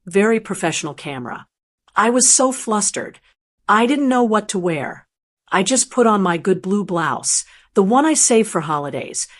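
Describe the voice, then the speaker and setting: Gentle woman narrating a first-person story. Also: medium pitch.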